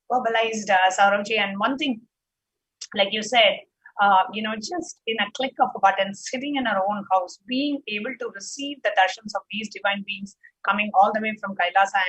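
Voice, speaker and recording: A woman's voice: medium pitch, normal speed, fairly bright tone, rough recording. A woman hosting a live show who talks in an effusive, gushing way. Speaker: host.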